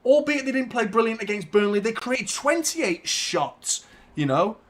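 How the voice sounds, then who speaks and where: A man hosting a live football watchalong, talking casually to his audience, often swearing and getting loud and frustrated about the match. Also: very high voice, measured pace. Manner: ranting, swearing, frustrated, shouting when excited. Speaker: football channel host.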